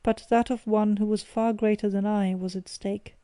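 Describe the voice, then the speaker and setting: A woman narrating an audiobook in a measured, expressive reading. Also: mid-range voice, no room sound.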